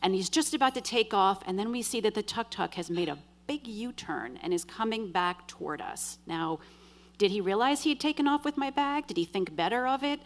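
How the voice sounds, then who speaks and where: Woman storyteller, medium pitch, wry and dry, animated live first-person delivery. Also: brisk. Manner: vivid, animated retelling with quoted dialogue.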